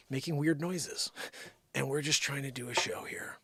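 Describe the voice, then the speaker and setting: A man hosting his own daily live stream from home, rambling and joking, jumping from loud bits to whispered asides. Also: mid-range voice, measured pace, pauses often, slightly rough, dry recording. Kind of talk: unscripted comedic live-stream chat.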